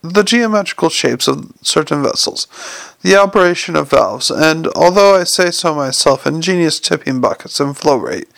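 An excitable, long-winded inventor gushes about his machine, as a man puts him on in a raised, slightly gravelly voice. He lectures at length and stumbles over his own words. The sound is dry and close, like an audiobook booth. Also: a little high, moderate pace, no room sound. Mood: eager. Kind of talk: audiobook character voice.

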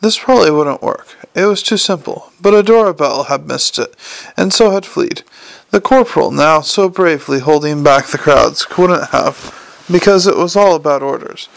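A man narrating a novel aloud in a dry, measured manner. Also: on the high side, lively intonation, vocal fry. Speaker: audiobook narrator. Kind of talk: scripted narration.

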